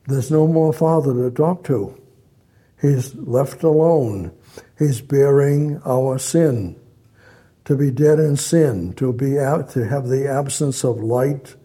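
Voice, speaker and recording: A man's voice: mid-range voice, warm tone, husky. A man preaching a sermon, reading scripture aloud and repeating his phrases as he explains them.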